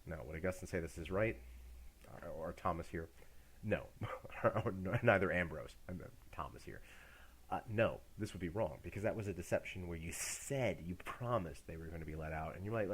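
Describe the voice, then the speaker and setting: A middle-aged male lecturer with a deep, low voice and a husky, slightly rough tone. He teaches a university class casually, joking and acting out little scenes to make his points. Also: normal speed. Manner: casual and jokey, acts out examples.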